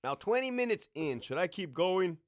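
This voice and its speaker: A man's voice: high voice, very animated, normal speed. A man, a former prison officer, talking in a blunt, profane and swaggering casual monologue. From California.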